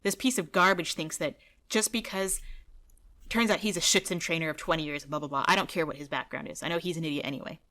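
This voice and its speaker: Blunt, bright-voiced woman dog trainer. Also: deep voice, fast. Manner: blunt, indignant, opinionated. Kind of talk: casual video commentary and storytelling.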